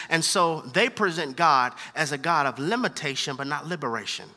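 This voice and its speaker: A man preaching a sermon, animated, moving from hushed asides to loud emphatic lines and using casual slang. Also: a little high, moderate pace, few pauses.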